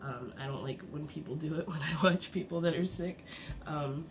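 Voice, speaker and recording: A woman in her thirties vlogs from home at normal speed in a low voice stuffed up from a cold, sounding sick and congested. She chats and rambles with frequent fillers and laughs, and the home recording is noisy.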